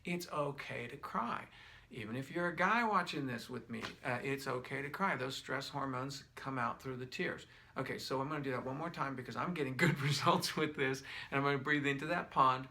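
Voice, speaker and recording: A middle-aged man guides a breathing exercise in a gentle, repetitive way, thinking aloud and restarting his sentences. His voice is gravelly with a bright, forceful edge. He is tearing up as he talks. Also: medium pitch, brisk. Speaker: wellness instructor.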